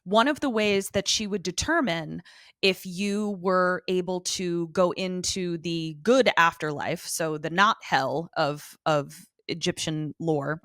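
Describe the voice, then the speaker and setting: A woman's voice: lowish voice, fairly bright tone, no echo, studio quality. A woman co-hosting a podcast, talking in a chatty, casual way with lots of fillers. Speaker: podcast co-host. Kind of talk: casual chat.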